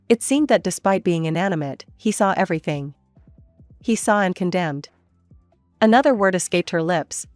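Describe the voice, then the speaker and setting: Female narrator for a read-aloud story: low register, dry delivery, soft music bed. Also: no room sound. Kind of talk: scripted fan-fiction narration.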